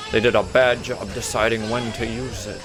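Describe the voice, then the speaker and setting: A man's voice: lowish voice, steady tone, moderate pace, over loud music. A man commentating a horror game playthrough, sarcastic and jokey, talking back to the game and reading its notes aloud. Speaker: gaming video host. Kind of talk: let's play commentary.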